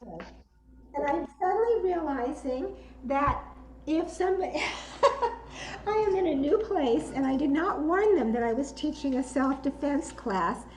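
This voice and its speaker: A woman instructor leading an online self-defense workshop, encouraging and giving clear commands. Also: high-pitched, lively intonation, measured pace, darkish tone, roomy sound, a little hiss or hum, poor audio. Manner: encouraging, gives clear commands, laughs easily. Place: indoor room. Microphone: video call.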